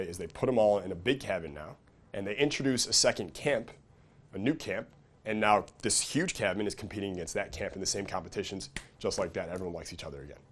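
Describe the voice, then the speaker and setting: A man lecturing at a live seminar as a coach, casual and full of swearing, who keeps checking in with his listeners. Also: lowish voice. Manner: profane, casual, keeps checking in with "okay?" and "right?".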